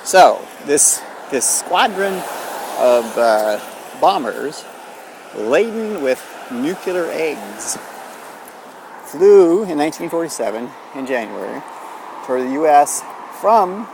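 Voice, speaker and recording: Gravelly man spinning a rambling tale. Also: on the high side, big pitch swings, takes it slowly, background noise. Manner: meandering, with frequent restarts and fillers. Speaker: storyteller.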